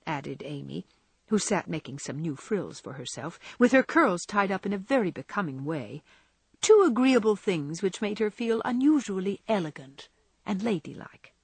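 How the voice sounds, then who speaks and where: A woman's voice: mid-range voice, sing-song, normal speed, a little mellow, breathy edge, no echo. Woman narrating a storybook expressively. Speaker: audiobook narrator.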